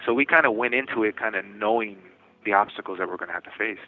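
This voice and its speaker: On a tinny prison phone line, an incarcerated man in the United States tells his own story in a phone interview. His lowish voice comes in quick bursts full of restarts and occasional laughter, with a slight hiss or hum on the telephone audio.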